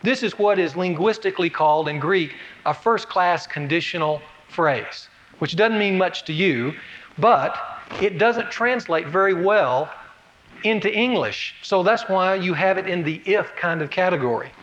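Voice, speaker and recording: Animated man preaching a sermon. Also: high voice, measured pace, dull audio, slight background noise. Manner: conversational preaching with rhetorical questions, wide swings in emphasis. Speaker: pastor.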